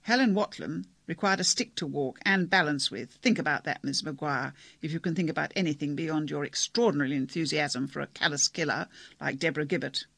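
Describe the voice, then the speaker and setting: Pompous doctor, declamatory and stern, gravelly and husky, read by a man. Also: on the high side, brisk, fairly bright tone, dry recording. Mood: angry. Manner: declamatory, speechifying.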